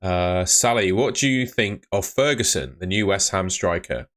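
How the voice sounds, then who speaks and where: Brief: man, somewhat low voice, easygoing live stream host, chatty, answering viewer questions. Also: normal speed, fairly bright tone. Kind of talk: casual live stream chat.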